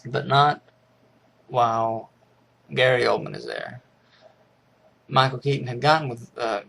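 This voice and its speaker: A man with a gravelly, creaky voice talks through a movie's plot in a loose, rambling way. He restarts his sentences often and chuckles along the way. Faint noise sits behind him. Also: mid-range voice, a bit bright. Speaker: movie reviewer. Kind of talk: casual spoken movie recap.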